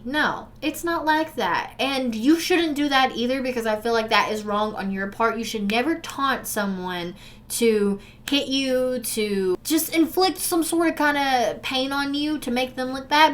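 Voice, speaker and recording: At a measured pace and in a high-sitting voice, a young adult woman opens up to the camera about her own experiences. Earnest and emotional, she alternates between pressing her viewers hard and slipping into soft recollection.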